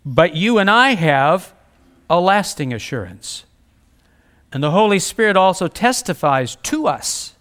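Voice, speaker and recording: A man delivering a sermon in an earnest, direct way. His voice sits fairly high. He mixes scripture readings with plain-spoken asides to the congregation. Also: fairly bright tone, clean tone. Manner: earnest, preaching with rising emphasis and repetition; reads scripture aloud, conversational asides. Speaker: preacher.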